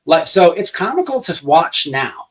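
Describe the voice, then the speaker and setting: A man's voice: fairly high pitch, very animated, a little slow, a bit bright. A man talking casually as a livestream guest, rambling and mocking people who hide behind avatars. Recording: voice distant from the mic.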